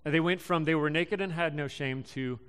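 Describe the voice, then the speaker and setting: A young man in his twenties giving a casual sermon, halting and full of ums and restarts. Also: a little high, a bit bright, smooth. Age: young adult. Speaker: preacher.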